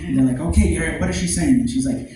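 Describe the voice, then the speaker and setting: A man's voice: fairly high pitch, racing, mellow, heavy reverb, a little hiss or hum, poor audio. A man doing first-time open mic stand-up, chatty and self-deprecating, laughing at his own jokes. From southern United States. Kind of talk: stand-up comedy storytelling. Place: small comedy club stage.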